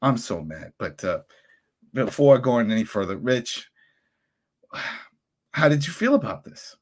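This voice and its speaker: A man hosting a podcast, ranting angrily and animatedly with sudden jumps in pitch. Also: big pitch swings, slow pace. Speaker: podcast host. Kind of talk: heated podcast rant.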